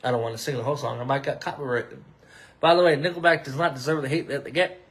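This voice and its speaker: A man's voice: medium pitch, fast, fairly bright tone, poor audio. A man hosting his own podcast, chatting casually and rambling with many fillers, restarts and upbeat asides. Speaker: podcast host.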